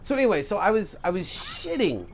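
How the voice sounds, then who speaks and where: His high voice swings widely in pitch and runs a little fast as this young man co-hosts a let's play. The chat is casual and rambling, full of profanity and constant "like."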